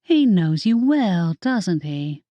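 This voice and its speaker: Woman voicing an earnest young witch heroine, expressive and lively, lowish voice, dry close sound. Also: slow pace, dry recording, lo-fi sound.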